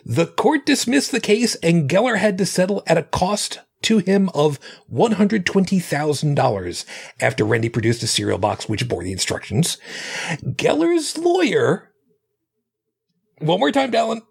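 A tired man co-hosts a late-night podcast, reading aloud with a lively, swooping delivery. His voice is gravelly and a little husky, and his words slur slightly with fatigue. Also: sits high, a little slow. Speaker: podcast co-host. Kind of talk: casual chat, reading aloud.

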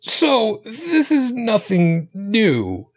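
A man's voice: high voice, huge pitch swings, drawn-out words. A man co-hosting a podcast, reading aloud and chatting late at night, tired and slightly slurring his words. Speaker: podcast co-host. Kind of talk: casual chat, reading aloud.

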